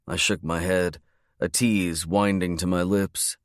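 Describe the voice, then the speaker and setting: Low-voiced man narrating an audiobook. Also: level tone, unhurried, no echo, clean studio sound. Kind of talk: scripted narration.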